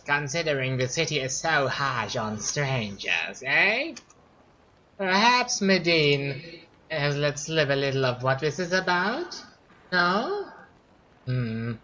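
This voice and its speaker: A man voicing a smooth, sly older wizard lord in a fantasy game, speaking in a coaxing, ingratiating way. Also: fairly high pitch, big pitch swings, slow pace, bright, forceful tone, lo-fi sound, a little hiss or hum, pitched above the performer's own voice, full character voice.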